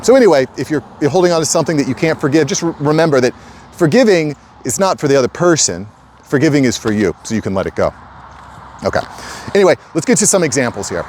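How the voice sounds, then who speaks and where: Emphatic middle-aged man with a lively voice. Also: a little high, fast, slight background noise. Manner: emphatic, repetitive, addresses viewers as guys. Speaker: channel host. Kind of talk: casual direct-to-camera talk.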